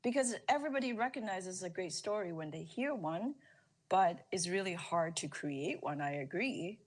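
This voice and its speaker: A woman answers as a storytelling expert in a relaxed interview. She talks emphatically and repeats key phrases to press a point home. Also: fairly low pitch, normal speed. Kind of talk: conversational interview.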